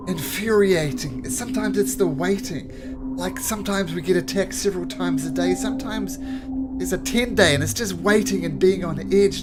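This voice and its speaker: Man doing a sobbing young drow soldier. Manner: high, tearful, desperate pleading.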